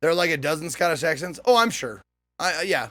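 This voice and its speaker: A man's voice: on the high side, very animated, quick pace, bright, forceful tone. A man streaming a game and chatting casually, rambling and swearing, often trailing off. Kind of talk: casual gameplay commentary.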